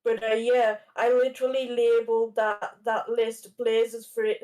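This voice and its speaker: A woman's voice: a little high, monotone, measured pace, a little mellow, recorded from a distance, rough recording. A woman in her thirties telling a long story in casual chat, rambling with lots of fillers and restarts. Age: 30s. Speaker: podcast guest.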